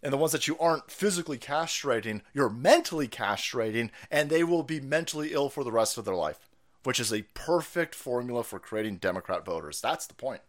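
A man streaming ranting commentary, foul-mouthed and loud, laughing and jumping between mutters and yells. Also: mid-range voice, animated, a little fast.

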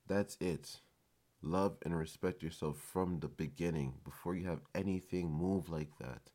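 Deep-voiced man giving a casual motivational talk. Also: a little mellow. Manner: casual, emphatic, swears freely. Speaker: podcast host. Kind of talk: motivational monologue.

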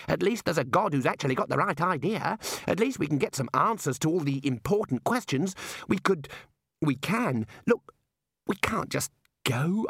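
A man doing a flustered young wizard, high and strained. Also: vocal fry, husky, dry recording, studio quality, heavily acted. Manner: flustered, pleading and exasperated. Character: anxious young male wizard scholar. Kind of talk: audiobook character voice.

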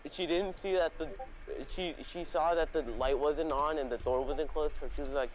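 A man's voice: on the high side, fairly even intonation, moderate pace, slight background noise, rough recording. Rambling, profane young man telling stories. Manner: rambling, profane, full of fillers and restarts. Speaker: podcast host. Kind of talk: casual storytelling chat.

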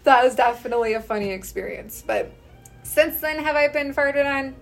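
A woman's voice: sits high, normal speed. A woman esthetician in her thirties hosting a casual chat, telling stories with lots of giggling. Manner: giggly, animated storyteller.

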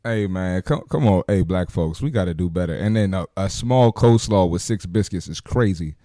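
A man's voice: low-pitched, moderate pace, mellow, no echo. Casting: male podcast host, blunt slangy roast commentary, dry close sound. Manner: blunt, joking, slangy trash talk. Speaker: podcast host reacting to clips. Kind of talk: casual reaction commentary.

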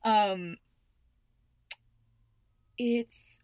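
A woman's voice: medium pitch, drawn-out words, a little mellow, smooth, dry recording. A young woman chatting casually as a podcast co-host, laid-back and laughing, with casual slang. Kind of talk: casual chat.

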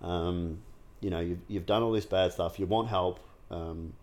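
Low-voiced man speaking frankly. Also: fairly even intonation, measured pace, a little mellow. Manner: frank and unguarded, heavy swearing, many fillers and restarts. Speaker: guest sharing his recovery story. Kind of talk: candid conversational interview.

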